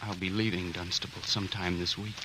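Earnest young suitor, very deep voice, shy stammer, noisy old radio recording. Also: male voice, flat delivery, brisk, sharp tone. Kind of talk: 1940s radio acting.

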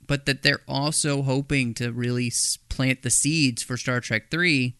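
A man co-hosts a podcast in easygoing chat, his voice bright and smooth. He talks on eagerly, cracks jokes and slips into goofy voices. The sound is dry and close. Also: medium pitch, fairly even intonation, a little slow, no echo. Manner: jokey, chatty, tries silly impressions. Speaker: podcast co-host. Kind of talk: casual podcast discussion.

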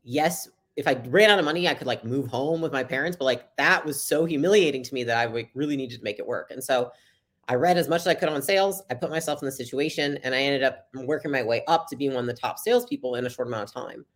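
A young adult woman, a podcast guest, telling her story in a casual, chatty interview and acting out the dialogue. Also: a bass voice. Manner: fast, chatty, acts out quoted dialogue.

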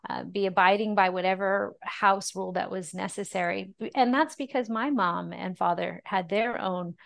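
Woman, middle-aged, gravelly, earnest, emotional, podcast guest testimony. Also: mid-range voice, steady tone. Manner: earnest and emotional, often slowing down and softening. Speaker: podcast guest, ministry founder. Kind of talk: personal testimony in a podcast interview.

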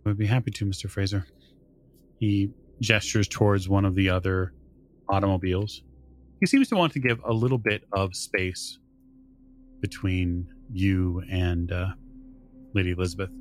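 Man, low voice, game master, measured descriptive narration, tabletop role-play. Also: a little hiss or hum.

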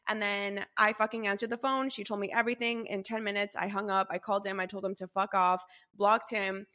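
A woman's voice: mid-range voice, flat delivery, fairly quick, sharp tone. A young woman in casual chat, telling stories in a blunt, profane way.

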